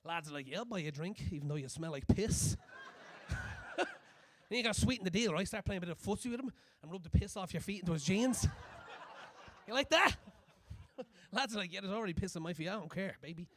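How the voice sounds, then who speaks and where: A young man doing a crude, animated stand-up comedy set on a club stage, acting out scenes as he goes. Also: sits high, fast talker.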